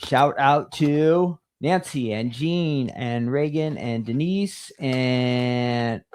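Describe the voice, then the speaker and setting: A man behind the camera, chatting with the host in a laid-back, joking way and giving shout-outs. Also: medium pitch, very slow, clear, resonant tone. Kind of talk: casual banter.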